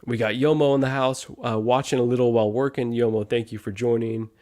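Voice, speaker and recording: A man's voice: mid-range voice, steady tone, a little fast, a little mellow. A man hosting a casual live stream, upbeat, greeting viewers one by one and chatting with co-hosts.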